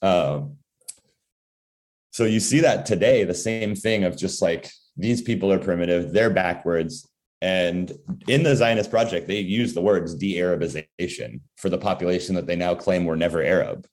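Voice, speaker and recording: Guy with a really deep voice chatting loose, swears a lot, says like constantly. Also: moderate pace, darkish tone. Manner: casual, profane, lots of filler words. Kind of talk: casual conversation.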